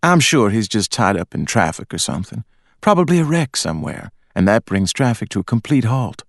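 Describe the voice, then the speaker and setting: A man's voice: fairly low pitch, very animated, fairly quick, gravelly, no room sound, studio quality, exaggerated voice. A man voicing a worried mother in an audiobook, motherly and soothing in manner. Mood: reassuring.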